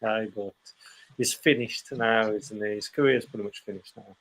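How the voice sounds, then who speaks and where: A man's voice: on the low side, steady tone, normal speed, background noise. A young man, a student, co-hosting a podcast and giving rambling opinions in casual chat. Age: young adult. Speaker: podcast co-host.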